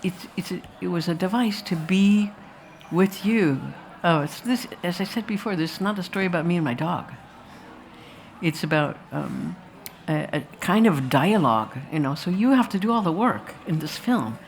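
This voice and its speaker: A fairly low-pitched, animated woman speaks at an ordinary pace with a little hiss or hum. As the filmmaker at a festival post-screening talk, she tells the audience about her film in a rambling, anecdotal manner full of restarts and asides.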